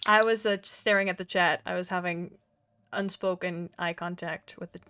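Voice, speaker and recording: A woman's voice: lowish voice, fairly even intonation, moderate pace, bright, forceful tone, clear, resonant tone. A woman hosting a live tabletop game stream, chatting casually and narrating, with frequent laughter and self-mocking asides. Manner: giggly, rambling, self-mocking. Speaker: dungeon master and stream host.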